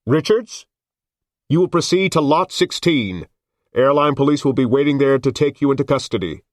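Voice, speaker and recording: A man voicing a police officer giving commands over a loudspeaker in an audiobook. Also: mid-range voice, expressive, normal speed, dry recording, clean studio sound, voice pushed up, close to an everyday voice. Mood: commanding. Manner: commanding, barked orders. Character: booming amplified male police loudspeaker voice. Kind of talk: audiobook character voice.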